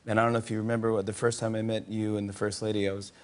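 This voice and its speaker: A man hosting a talk show, telling a story about himself in an excited, self-mocking way, stumbling over his words and breaking into laughter. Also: on the low side, very fast. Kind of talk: casual chat, telling a story to a guest. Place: TV studio.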